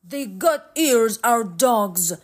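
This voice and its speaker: A woman reading a storybook aloud and voicing a calm, matter-of-fact male frontier trapper with a dry way of talking. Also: on the high side, very slow. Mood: steady.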